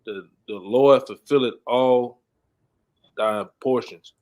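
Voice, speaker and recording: Man, scripture reader, very slow pace, halting, restarts words. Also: mid-range voice, darkish tone. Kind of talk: reading scripture aloud.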